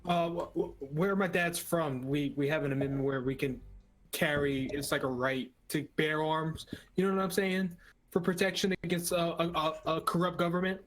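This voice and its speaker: A man's voice: a little high, steady tone, normal speed, a bit bright. A man playing a tabletop game, hesitant and stumbling over words. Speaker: player. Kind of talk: tabletop play.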